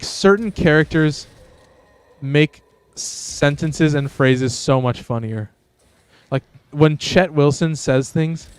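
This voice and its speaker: A man's voice: medium pitch, clean tone, no room sound. Laid-back rambling male streamer. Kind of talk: casual gameplay commentary.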